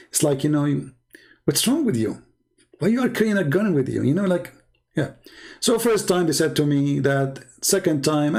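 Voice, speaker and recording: With a gravelly, darkish mid-range voice, a Middle Eastern man delivers a casual English monologue that is emphatic, repetitive and grammatically broken. He speaks as a Christian apologist.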